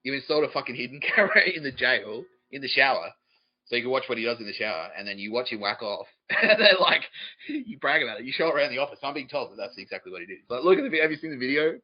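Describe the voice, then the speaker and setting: On a podcast, a man with a mid-range, sing-song voice races through a rambling comic story packed with swearing, laughing often and imitating other people. The sound is dull and lo-fi, with faint music in the background.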